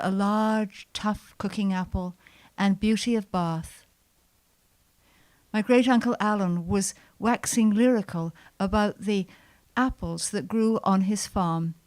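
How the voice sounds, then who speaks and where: A woman storyteller telling a personal memoir to a live audience in a lyrical, expressive way. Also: mid-range voice. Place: showroom with audience.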